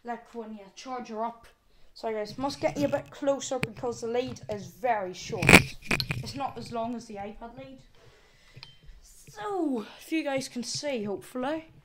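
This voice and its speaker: A woman's voice: fairly high pitch, moderate pace, very noisy. A woman vlogger chatting casually to her viewers, exclaiming and thinking aloud as she goes. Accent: non-American, with regional word "wee". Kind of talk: casual unboxing chat to viewers.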